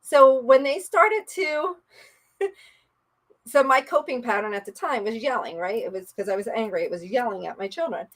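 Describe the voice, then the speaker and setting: A woman's voice: on the high side, animated, normal speed. A woman life coach leading a live-streamed coaching session, playful and encouraging in a chatty way.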